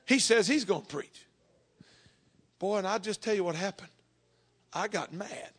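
A man preaching a sermon, telling a story and acting out both sides of a conversation, swinging from shouts to hushed tones. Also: high voice, a little slow, husky.

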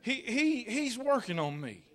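A man's voice: very high-pitched, very animated, measured pace. A man preaching a sermon in church, telling folksy stories, repeating his words and building to fervent peaks. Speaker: pastor. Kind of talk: sermon with personal anecdotes.

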